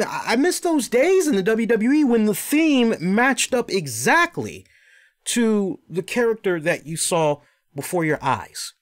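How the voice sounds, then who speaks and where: Male host with a high voice who reviews wrestling in an emphatic, animated way.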